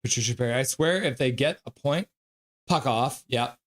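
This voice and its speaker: A man streaming live hockey play-by-play, excitable and profane, reading viewer chat aloud between calls. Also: mid-range voice, moderate pace. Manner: excitable, swears, reads chat comments aloud.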